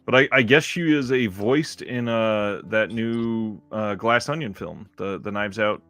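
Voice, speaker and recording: A man co-hosting a film podcast in casual chat, easygoing, often laughing and pausing on fillers. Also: on the low side, fairly bright tone, no room sound, faint music behind. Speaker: podcast co-host.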